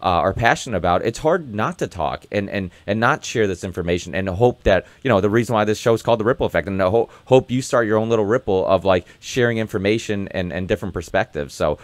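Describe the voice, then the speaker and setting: A man's voice: on the low side, fast, hardly any pauses, dry recording. A young man hosting a podcast in casual chat, rambling and passionate, swearing and restarting as he goes. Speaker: podcast host.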